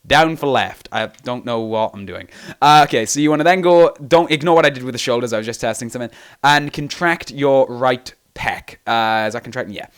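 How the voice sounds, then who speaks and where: A man's voice: mid-range voice, fairly quick, clean tone. Rambling, self-mocking young man. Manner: rambling, self-deprecating, chatty. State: tired. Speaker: video game tutorial host. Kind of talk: casual game tutorial voice-over.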